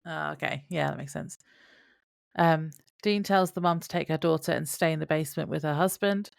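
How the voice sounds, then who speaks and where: A woman's voice: low-pitched, moderate pace, vocal fry, dry recording, studio quality. A woman co-hosting a podcast, chatting casually as she walks through a TV episode's plot. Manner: relaxed, chatty, laughs along. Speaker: podcast co-host.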